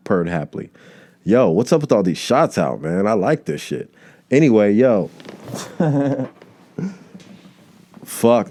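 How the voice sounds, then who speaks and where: Low-voiced rambling male comedian. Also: warm tone. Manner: rambling, jumps between tangents, swears casually. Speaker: comedian podcast host. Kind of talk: rambling solo comedy monologue.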